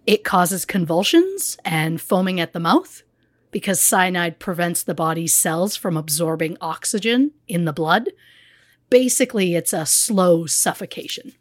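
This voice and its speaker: A woman's voice: fairly low pitch, animated, a little slow, no room sound, clean studio sound. Blunt woman telling a true crime story. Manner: blunt, conversational, with fillers. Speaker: podcast co-host.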